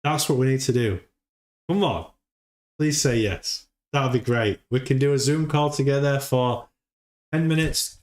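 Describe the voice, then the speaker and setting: A man hosting a casual livestream, rambling and repeating words as he chats. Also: medium pitch. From United Kingdom. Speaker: livestream host.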